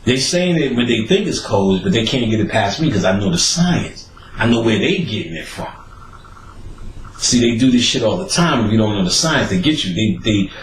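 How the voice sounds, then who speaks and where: A man talks in a loose, profane rant, and his pitch swings widely as he drives his points home. He breaks into short laughs between thoughts. The room sounds echoey, with faint ambience behind him. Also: slight background noise. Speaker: host. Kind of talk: casual ranting monologue. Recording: roomy echo, faint background ambience.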